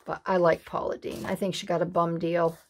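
A woman's voice: lowish voice, little pitch movement, brisk. A middle-aged woman hosting a craft video, chatting casually in a rambling, folksy way while she works in her craft room.

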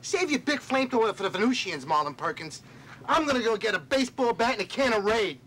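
A man's voice: very high voice, animated, fast, noisy background. A man playing a wisecracking, gun-happy store clerk with a brash manner.

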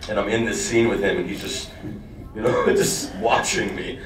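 A man telling lively stories with lots of laughter as a guest on a convention panel. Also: fairly low pitch, moderate pace. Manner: animated, laughing storyteller. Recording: echoey, distant hall mic with noise.

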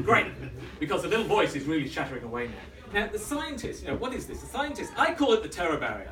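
A man in his thirties delivers a dramatic storytelling speech in a function room. His voice sits a little high for a man and swings widely in pitch. It sounds roomy and distant, with a faint ambient hum behind it. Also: big pitch swings, quick pace, a loud crowd. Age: 30s. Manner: dramatic, drops to a hush for tension. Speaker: club speaker.

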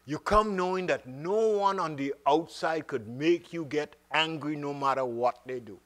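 High-voiced man preaching with big swings. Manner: dramatic swings between loud exhortation and soft slow speech; calls out to the congregation. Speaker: minister. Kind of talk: sermon.

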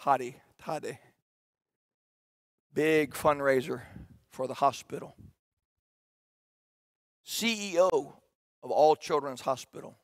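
A middle-aged man, a pastor preaching a sermon that swings between shouted emphasis and quiet storytelling. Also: mid-range voice, slow, long pauses, no room sound, clean studio sound.

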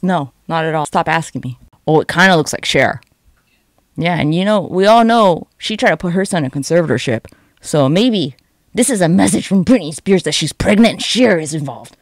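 A woman's voice: fairly low pitch, animated, normal speed, dry recording. A young woman giving sarcastic, profane, rambling comedic commentary over online videos.

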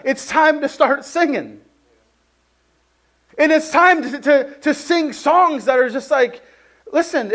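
A man with a strikingly high voice delivers a casual, conversational sermon, leaning heavily on "like." He tells a personal story with plenty of animation.

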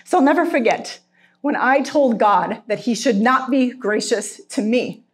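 A middle-aged woman with a slightly high voice speaks at a Christian retreat, giving a heartfelt sermon with personal testimony. She is earnest and emotional, slowing down for emphasis and at times tearful.

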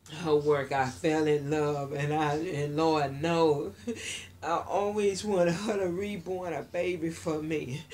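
A woman's voice: lowish voice, a little mellow, a little hiss or hum. A woman talking to her viewers in a casual unboxing vlog, gushing and exclaiming as she opens a package. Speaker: reborn doll collector.

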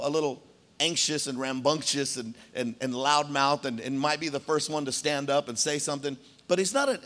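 A man preaching a sermon in a church, conversational and animated, often checking in with the congregation. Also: a little high. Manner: conversational, animated, frequent "right?" asides. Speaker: pastor.

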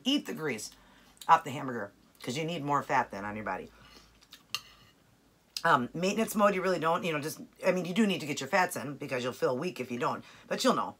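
A woman's voice: low-pitched, a bit bright, slightly rough. A woman chatting casually and enthusiastically to camera about a home-cooked meal, tasting it as she talks. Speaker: keto cooking vlogger. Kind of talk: casual cooking chat to camera.

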